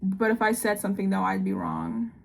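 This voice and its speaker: Woman, 19, vlogger: rapid, rambling confessional chat, faint hiss behind. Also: mid-range voice, gravelly. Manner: fast-talking, rambling, full of "like" and "I don't know". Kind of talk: casual confessional vlog.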